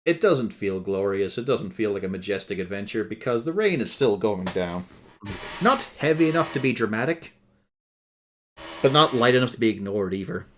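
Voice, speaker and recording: A male game master narrating a tabletop adventure for a live stream. His delivery is dry and wry, with casual swearing, in a somewhat low voice. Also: big pitch swings, moderate pace, fairly bright tone, a little hiss or hum.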